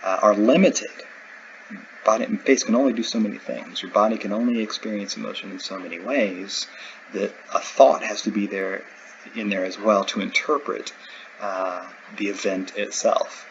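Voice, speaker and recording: A man's voice: on the low side, fairly even intonation, normal speed, lo-fi sound, a little hiss or hum. A man teaching a recorded lecture, explaining in a conversational way with everyday examples. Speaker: instructor.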